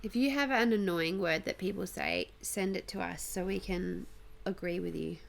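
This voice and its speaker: A young woman co-hosting a casual podcast, a chatty storyteller with a soft, affectionate way of talking. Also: lowish voice, normal speed, vocal fry, a little hiss or hum. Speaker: podcast co-host. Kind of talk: casual chat.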